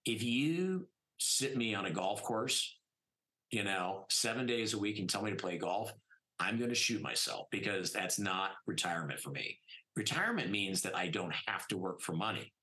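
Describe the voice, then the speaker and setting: A man's voice: lowish voice, expressive, normal speed, bright, forceful tone, rough recording. A middle-aged man, a plastic surgeon guest on a podcast, telling stories casually and emphatically with many "I mean" fillers. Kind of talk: casual storytelling interview.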